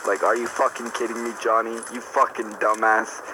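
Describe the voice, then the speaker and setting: A man's voice: medium pitch, little pitch movement, normal speed, noisy background, close to an everyday voice. A man quoting his angry mother, who scolds and curses at her son, within a casual storytime vlog. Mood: scolding. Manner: cursing, scolding. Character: angry scolding mother, middle-aged woman.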